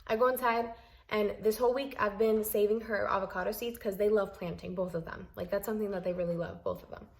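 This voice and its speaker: A young woman recounting a family fight to her viewers, her pitch sitting in an ordinary middle range. She sounds exasperated and emphatic, and she circles back to hammer the same point again and again. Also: steady tone, fast. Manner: repeats herself for emphasis. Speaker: vlogger. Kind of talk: storytime vlog.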